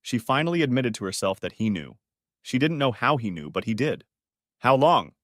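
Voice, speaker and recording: A man's voice: medium pitch, sing-song, a little fast, a bit bright, dry recording, clean studio sound. A man narrating a dramatic family story as an audiobook, reading expressively.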